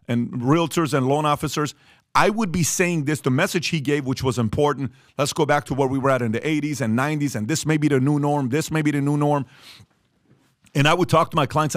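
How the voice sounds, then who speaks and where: A man's voice: on the high side, dry recording. A man hosting a studio talk show, speaking casually and animatedly, repeating himself for emphasis with many fillers. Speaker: podcast host.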